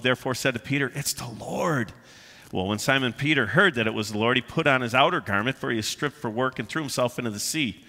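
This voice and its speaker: Bright-voiced man preaching in a reverberant hall. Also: medium pitch. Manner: emphatic, conversational preaching with frequent "uh" fillers. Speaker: pastor. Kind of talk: sermon. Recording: long reverb of a large hall.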